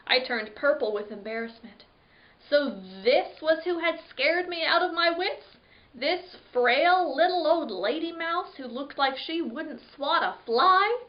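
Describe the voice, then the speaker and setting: A woman library storyteller reading a children's book aloud with a dramatic, lively delivery. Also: fairly high pitch. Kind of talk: expressive read-aloud story narration. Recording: dull lo-fi recording.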